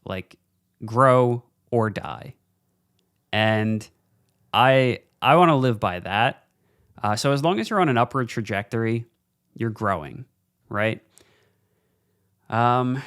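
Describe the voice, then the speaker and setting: A man with a smooth, resonant voice talks into a studio mic, recorded close and dry with no room sound. He gives a blunt, casual motivational monologue as a podcast host, swears freely, and slows right down to press his points. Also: fairly low pitch, no echo. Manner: slows down for emphasis. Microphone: studio mic, facing camera.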